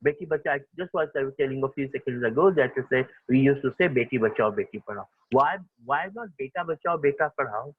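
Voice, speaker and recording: A man's voice: high-pitched, husky, dry recording, phone-quality sound. A man with an Indian accent teaching a school class, switching between English and Hindi and repeating key phrases. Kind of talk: classroom lecture.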